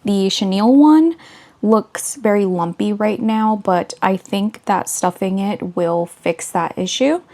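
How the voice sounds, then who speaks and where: Mellow-voiced woman chatting about crafting. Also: mid-range voice, slow. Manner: chatty, earnest, talks through her crafting steps. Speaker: crochet vlogger. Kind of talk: casual vlog voice-over.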